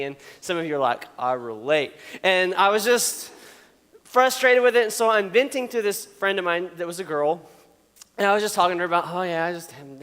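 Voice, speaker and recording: Young man, high-pitched, youth pastor, casual joking sermon, frequent "okay?", reverberant hall. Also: a bit bright, clear, resonant tone. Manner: storytelling, joking, often checks in with "okay?".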